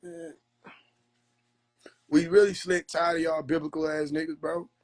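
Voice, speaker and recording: A man hosting a casual livestream, talking in an animated, preachy way and mocking people with laughs. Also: a little high, unhurried. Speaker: livestream host. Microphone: phone.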